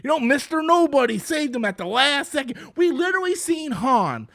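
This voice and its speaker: High-voiced, exasperated male movie reviewer. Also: fairly bright tone, no echo, studio quality. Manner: exasperated, profane, sarcastic rant.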